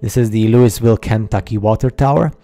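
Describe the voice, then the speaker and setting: A man talks over a slideshow in a very dark, mellow voice set fairly low. He narrates casually and haltingly, with many fillers and skeptical asides. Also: faint music behind. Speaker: video narrator.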